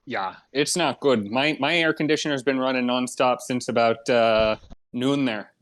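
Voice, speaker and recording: A man co-hosting a casual podcast, talking in a relaxed way with halting restarts. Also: mid-range voice. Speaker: podcast co-host. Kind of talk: casual banter among friends.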